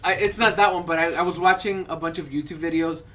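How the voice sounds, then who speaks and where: A man's voice: a little high, steady tone, fast talker, sharp tone, slight background noise. A man co-hosting a casual podcast, joking and teasing his friends. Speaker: podcast co-host. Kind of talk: casual chat.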